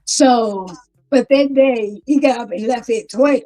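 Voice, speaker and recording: Grieving woman, low mellow voice. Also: unhurried, low-quality recording. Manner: plain spoken storytelling, acting out the police officers' and her own words. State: grieving, voice rising with distress. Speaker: guest, grieving mother. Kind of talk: personal testimony in an interview.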